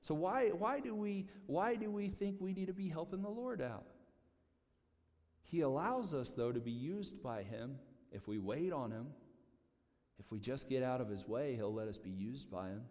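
A man preaches in a relaxed, conversational way, restarting and repeating phrases as he goes. His voice sits at a middle pitch. A long reverb trails off every sentence from the large hall. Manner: conversational, animated preaching with repetitions. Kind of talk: sermon.

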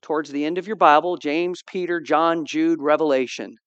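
A man preaching a sermon as pastor, reading scripture and acting out dialogue with animated emphasis, asking the congregation to respond. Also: on the high side, moderate pace, clear, resonant tone, dry recording, lo-fi sound. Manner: animated, acts out quoted dialogue.

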